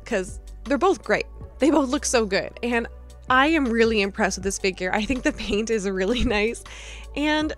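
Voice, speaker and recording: Young woman, fairly high voice, excitable fangirl unboxing chat over faint music. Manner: gushing, giggly, filler-heavy. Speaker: vlogger. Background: soft lo-fi music.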